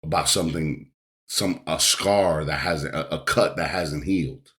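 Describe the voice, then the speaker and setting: A man's voice: very deep voice, unhurried, a bit bright. A middle-aged man hosting a podcast, coaching listeners on self-awareness in an emphatic, repetitive way, often checking in with "right?". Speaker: life coach and podcast host. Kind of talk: motivational podcast monologue.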